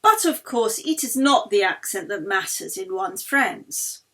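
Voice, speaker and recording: A woman voicing a gracious, gentle older baroness who lives in pain, speaking politely. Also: medium pitch, animated, unhurried.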